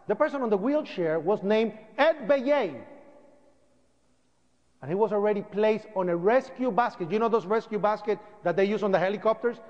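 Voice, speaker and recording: Lively man telling a story to an audience, high voice, dull recording echoing in a hall. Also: normal speed. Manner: animated storytelling, acts out sounds and voices. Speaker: speaker recounting events. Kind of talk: public talk to an audience. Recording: dull lo-fi sound, long hall reverb.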